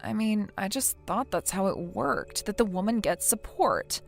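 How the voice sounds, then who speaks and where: A woman's voice: mid-range voice, expressive, measured pace, gravelly, faint music behind. A woman voicing a self-pitying young wife in a text-message story, pleading and defensive. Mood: dejected.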